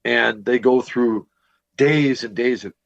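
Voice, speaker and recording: This Northwest Indiana teacher and paranormal investigator has a gravelly mid-range voice and speaks slowly as he rambles through a ghost-hunting tale in a podcast interview, restarting often and using lots of fillers. A day of teaching has left him a bit worn. The audio is dull, with no room sound.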